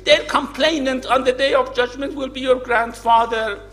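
A man narrating as an anguished old leader pleads and mourns in a very high, strained voice, his lines rising to loud cries. Faint music plays underneath. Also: steady tone, moderate pace. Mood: grieving. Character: grieving, anguished older male leader in battle.

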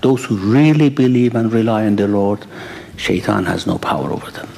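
A man's voice: mid-range voice, moderate pace, vocal fry, a little mellow, a little hiss or hum. A man giving a religious lecture and taking questions, with dramatic storytelling that drops to a whisper and rises to exclamations. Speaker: speaker answering questions.

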